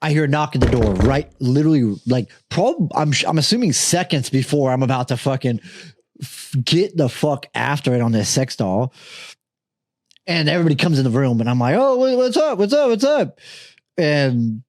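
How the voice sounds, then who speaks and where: A man's voice: fairly quick, no echo, clean studio sound. Profane young man telling a wild story. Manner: profane, laughing, animated storytelling; jumps to a high voice when quoting others. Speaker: podcast host. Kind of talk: casual storytelling.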